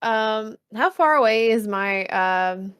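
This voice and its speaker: A woman's voice: on the high side, animated, slow pace, fairly bright tone, smooth. A woman playing a tabletop game, declaring her cleric's actions in casual talk. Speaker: player.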